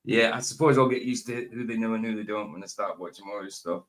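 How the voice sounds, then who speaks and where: Low-voiced man, relaxed talk-show host. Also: quick pace. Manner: relaxed, agreeable, many short replies. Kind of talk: casual chat.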